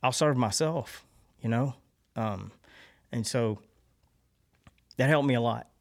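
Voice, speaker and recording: A man's voice: medium pitch, slow pace, vocal fry. Earnest man telling a personal story. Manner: rambling, with frequent restarts and fillers; earnest and confessional. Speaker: podcast co-host. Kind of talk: personal storytelling, reflective talk.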